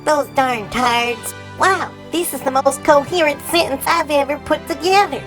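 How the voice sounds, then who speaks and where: A man's voice: very high voice, unhurried, over music, pitched above the performer's own voice. A man voicing a ditzy, folksy woman politician with a put-on drawl that loops her catchphrase. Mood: chirpy. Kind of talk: comedic impression.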